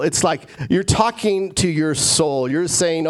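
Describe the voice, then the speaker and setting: A man's voice: a little high, slow, hardly any pauses. A male pastor preaching a sermon in an earnest way, repeating phrases and stammering into restarts.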